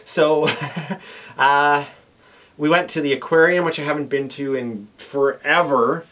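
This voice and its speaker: A man's voice: a little high, steady tone, measured pace, fairly bright tone. A young man from Canada chatting casually in a video diary, rambling with lots of fillers, his voice a little worn. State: voice slightly worn. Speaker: convention organizer vlogging. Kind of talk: casual chat.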